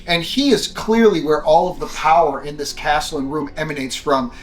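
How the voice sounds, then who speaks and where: A man's voice: fairly high pitch, normal speed. A man narrating as game master of a tabletop game, playful and teasing with his players. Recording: echoey room with faint music.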